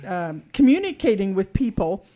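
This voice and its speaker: A woman's voice: medium pitch, very animated, moderate pace, mellow. Give me a frank woman chatting on a podcast panel. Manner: frank, trails off and restarts, swears casually. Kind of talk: casual chat.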